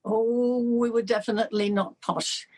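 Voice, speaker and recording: An older English woman speaks as an interview guest, her voice a little husky and breathy. She talks in a relaxed, warm way, laughing easily as she tells stories. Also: a little high, moderate pace. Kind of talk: casual chat.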